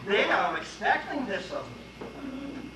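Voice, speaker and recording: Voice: medium pitch, sing-song, slow, background noise. An actor playing a brusque male caretaker with a put-on German accent, speaking in a formal, clipped, commanding way on stage. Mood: stern. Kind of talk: amateur stage acting. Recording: distant stage voice in echoey hall with audience.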